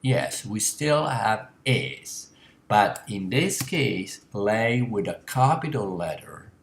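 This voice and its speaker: A man teaching an elementary language lesson on a screencast, explaining patiently and slowly with frequent uh and um. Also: lowish voice, expressive, vocal fry, roomy sound, slight background noise. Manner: slow, patient explaining with many uh and um.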